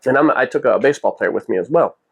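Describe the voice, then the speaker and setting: Brief: male vlog host, rapid casual storytelling, mid pitch, rambling. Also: expressive, vocal fry, breathy edge. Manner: rambling, full of "you know" and quoted dialogue.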